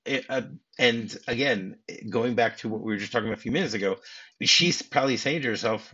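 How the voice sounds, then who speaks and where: A man's voice: mid-range voice, fairly quick, sharp tone, slightly rough. A man hosting a podcast, discussing a film in a casual way, chuckling often and restarting his sentences. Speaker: podcast host. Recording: dull lo-fi audio.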